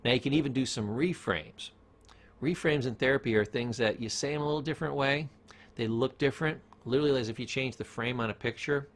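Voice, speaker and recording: A man's voice: mid-range voice, brisk. Conversational middle-aged man lecturing. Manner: conversational, emphatic, acts out quotes. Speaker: former therapist teaching a self-help course. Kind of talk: casual lecture.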